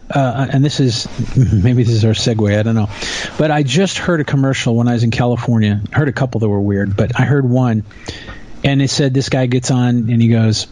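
A man in a casual podcast conversation, ranting with indignation and mocking others in quick quoted asides. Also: medium pitch, darkish tone, slight background noise.

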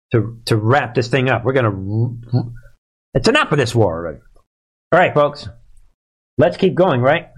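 A man hosting a live political commentary show, speaking straight to his audience in a sarcastic, emphatic way. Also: mid-range voice.

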